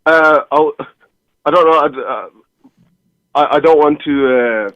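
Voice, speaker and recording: A man's voice: on the high side, measured pace, dry recording. A man from Birmingham calling in to a radio show, hesitant and modest as he speaks. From Birmingham, England. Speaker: caller. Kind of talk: phone-in chat. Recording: tinny phone line.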